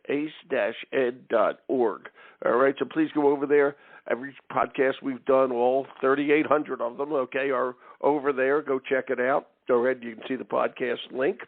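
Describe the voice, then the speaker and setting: Gravelly man hosting a talk radio show. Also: medium pitch, no echo. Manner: jokey, chatty, repeats "okay". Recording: tinny, dry phone-like line.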